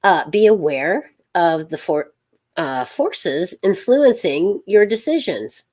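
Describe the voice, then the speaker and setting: Low-pitched woman, unhurried, rambling tarot host with lots of fillers, middle-aged. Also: sing-song. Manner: rambling, halting, with many fillers and soft laughs. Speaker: tarot reader hosting a live stream. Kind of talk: casual live-stream tarot reading.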